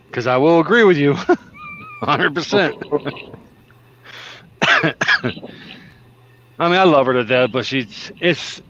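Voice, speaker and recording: A man's voice: a little high, takes it slowly, long pauses, a bit bright, lo-fi sound, a little hiss or hum. A man chatting casually as a trucker streamer, telling stories with lots of laughter and acted-out quotes. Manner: jokey storyteller, laughs often, acts out quotes. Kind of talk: casual chat. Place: in a truck cab on the road.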